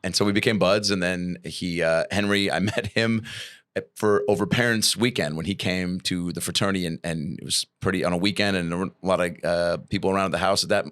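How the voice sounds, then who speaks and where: Deep-voiced man telling jokey stories. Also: a little fast, dry recording. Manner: animated, joking storyteller. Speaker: podcast guest, actor and comedian. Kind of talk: casual podcast chat. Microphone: studio headphones and mic.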